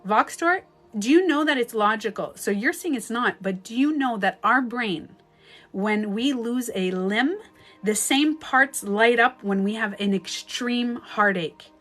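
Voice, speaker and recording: A woman's voice: fairly high pitch, unhurried, a bit bright, faint music behind. A woman relationship coach on a live stream, giving advice emphatically and acting out hurt voices with some swearing.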